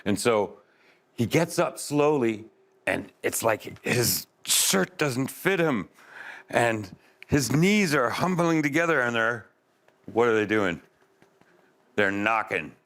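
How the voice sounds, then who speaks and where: A man telling a story aloud to children, expressive, with sound effects and asides to his listeners. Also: medium pitch, slow, long pauses. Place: live event space.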